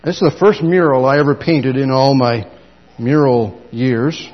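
A man's voice: medium pitch, unhurried. A middle-aged man preaching a sermon, telling stories animatedly and acting out the dialogue. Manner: animated storytelling, acts out dialogue. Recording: dull sound in a long-reverb hall.

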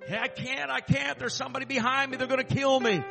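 A terrified young man, trapped and panicking, begs in a voice pushed up high and strained. His words come out pleading and frantic, a man acting him out in a told story. Soft music sits behind him. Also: flat delivery, brisk.

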